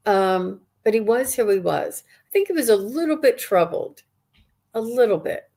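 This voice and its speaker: A woman's voice: fairly high pitch, animated, moderate pace, dark tone. A woman working as a psychic medium, giving a live reading to viewers in an earnest, rambling way with many restarts.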